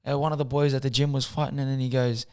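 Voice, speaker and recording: Soft-spoken young man. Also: medium pitch, flat delivery, very fast, clean tone. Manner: soft-spoken, chatty, acts out quotes with slang. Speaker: guest, boxer. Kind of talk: casual storytelling interview.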